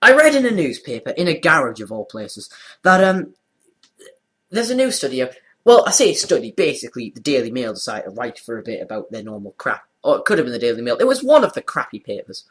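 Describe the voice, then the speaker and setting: A man's voice: mid-range voice, wildly swooping pitch, brisk, fairly bright tone. A teenage boy co-hosting a casual podcast, joking and rambling. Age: teens. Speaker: co-host.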